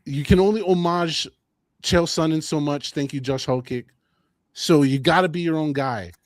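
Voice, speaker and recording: A man co-hosting a combat sports podcast, talking in a casual, animated and opinionated way, often repeating his phrases. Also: fairly high pitch, normal speed, no echo, clean studio sound. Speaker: podcast co-host.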